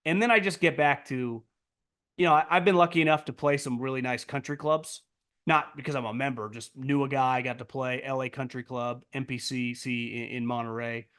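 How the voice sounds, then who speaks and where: A man's voice: steady tone, brisk, clean tone. A man hosting a sports podcast, riffing in a blunt, profane, casual monologue full of "like" and restarts. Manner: jumps to loud, high mocking outbursts.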